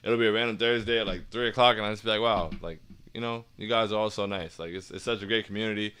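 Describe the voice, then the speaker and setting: A young man hosting a casual fan livestream, reading chat comments aloud in slangy, hyped talk that sometimes turns soft and earnest. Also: lowish voice, steady tone, fast, clean tone.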